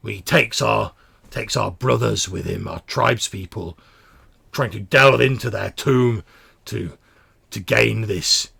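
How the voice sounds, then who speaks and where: A man's voice: lowish voice, vocal fry, bright, forceful tone, breathy edge, exaggerated voice. A man voicing a small, fearful, regretful male mutant who stammers and pleads.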